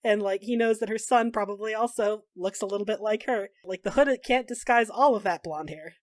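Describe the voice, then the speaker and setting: Casual woman GM narrating, mid pitch, dry close sound. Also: fairly quick, no echo. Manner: casual, many fillers. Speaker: game master. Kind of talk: narrating a tabletop game.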